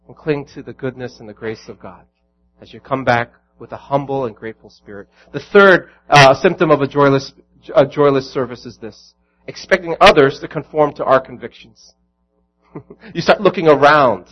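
A man's voice: mid-range voice, highs cut off. A man preaching a sermon as pastor, earnest and building to emphatic peaks.

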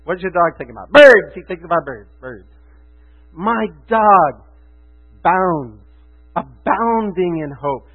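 A man preaching a sermon with passion, moving from hushed, quiet lines to loud, emphatic ones. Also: high-pitched, very animated, slow pace, long pauses, husky. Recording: tinny phone-like sound with mains hum.

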